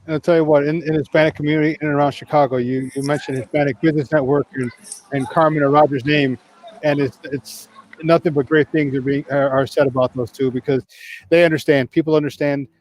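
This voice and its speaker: A man's voice: fairly high pitch, steady tone, quick pace. Man, co-host, rambling, stammering restarts, faint background noise. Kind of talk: live sports radio chat.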